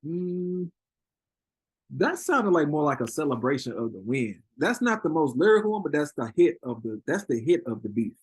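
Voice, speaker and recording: Animated husky man telling stories. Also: moderate pace, no room sound. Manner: animated storyteller, acts out quotes in high voices, laughs a lot. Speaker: interview guest, rapper. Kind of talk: casual chat.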